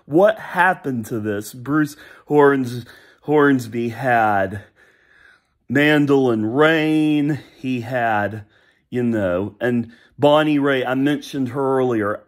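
A man's voice: medium pitch, slow. A man in his thirties giving a rambling, nostalgic monologue for a vlog, breaking into hummed and sung bits of old songs. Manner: rambling, nostalgic, hums and sings song snippets. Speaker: vlogger. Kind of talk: casual opinion monologue.

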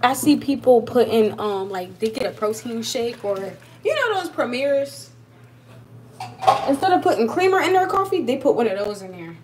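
A woman's voice: a little high, sing-song, normal speed, background noise. A young woman chatting casually on a livestream, answering viewers while moving around her kitchen, laughing and emphatic. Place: home kitchen.

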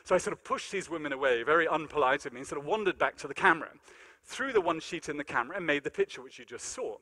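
A man giving a lecture in a large conference hall, telling animated, self-deprecating stories. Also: on the high side, fast talker. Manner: animated, self-deprecating anecdotes, many fillers. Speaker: keynote lecturer. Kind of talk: storytelling lecture with acted-out dialogue.

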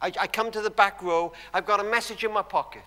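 Man, church sermon, emphatic storytelling with hushed drops, long hall reverb. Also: high voice, steady tone, fast talker. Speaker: guest preacher.

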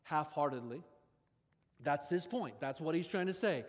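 A pastor preaching a sermon, his delivery expressive, with his voice often rising suddenly in pitch and volume. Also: normal speed. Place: large church sanctuary. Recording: long church hall reverb.

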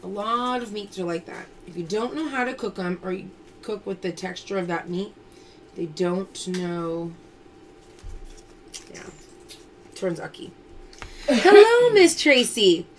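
A woman's voice: mid-range voice, lively intonation, a little slow, long pauses, a little hiss or hum. A woman hosting a casual live-stream pearl sale from home, chatting and reading out viewer names as she calls results.

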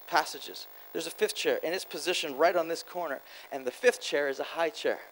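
Guy preaching a sermon, pretty high voice, gets loud then drops quiet, fast with lots of repeats. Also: slight background noise, low-quality recording. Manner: animated, shifts between loud exclamations and quiet asides; quick, with repeated words and restarts. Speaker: guest preacher.

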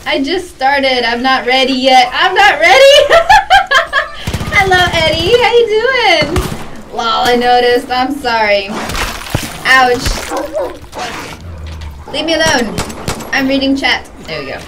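A woman's voice: high-pitched, expressive, slow, pauses often, recorded from a distance, heavy background noise. A young woman streaming a game, chatting casually and greeting her viewers by name with lots of giggles. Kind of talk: casual live-stream chat while gaming.

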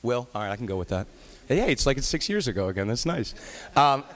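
A man's voice: medium pitch, big pitch swings, quick pace, slight background noise. A man, a state legislator, giving an affectionate farewell speech on the chamber floor, full of fillers and restarts.

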